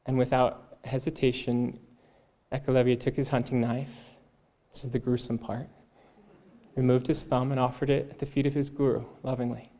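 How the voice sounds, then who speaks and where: Man, mellow and even-toned, calm earnest sermon storyteller. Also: medium pitch. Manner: calm, earnest retelling of a devotional tale. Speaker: speaker at a Sunday service.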